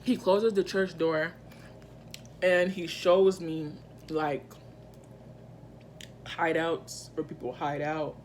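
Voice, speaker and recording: Brief: woman vlogger, unhurried drawl, animated slangy storytelling, quick asides to the audience, faint background hiss. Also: low-pitched. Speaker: vlogger telling a personal story. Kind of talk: casual storytime.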